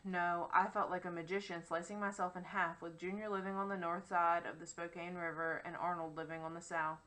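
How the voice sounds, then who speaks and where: A woman reading a first-person novel aloud as an audiobook narrator, in a wry, expressive storytelling manner. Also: lowish voice, fairly quick, low-quality recording.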